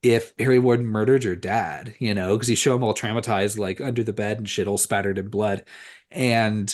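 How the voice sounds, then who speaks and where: A podcast co-host talks casually about a horror movie, rambling and swearing, packing his speech with "like" and frequent restarts. His voice is fairly low and darkish, with a steady tone at a normal speed.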